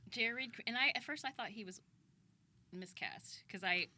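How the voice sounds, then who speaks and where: A woman co-hosting a podcast, chatting casually in a playful, expressive way. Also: on the high side, no echo. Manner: playful, expressive, quick reactions. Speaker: podcast co-host and voice actor. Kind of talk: casual chat.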